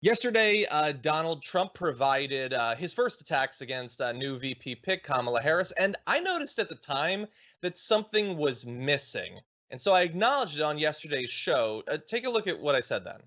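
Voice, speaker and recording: Man, talk show host, political commentary, wry, slightly high voice, muffled lo-fi sound. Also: sing-song, a bit bright. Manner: quick, wry, talks through points aloud. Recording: muffled lo-fi audio.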